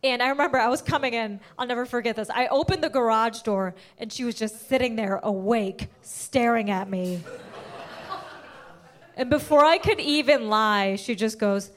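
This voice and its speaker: A young woman doing stand-up with a high, bright-toned voice. She tells her story in an animated way and acts out her parents' lines as she goes. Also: normal speed. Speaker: stand-up comedian. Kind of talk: stand-up set.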